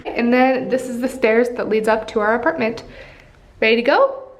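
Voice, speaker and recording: A woman's voice: on the high side, steady tone, normal speed. A young woman vlogger giving a casual tour of her apartment, chatty and rambling with lots of ums and likes. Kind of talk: casual home tour vlog. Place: apartment indoors.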